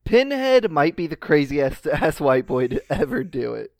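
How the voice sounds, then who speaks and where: A man's voice: a little high, sing-song, normal speed, vocal fry, dry recording. A man co-hosting a casual film podcast, blunt and joking, swearing casually. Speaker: podcast co-host.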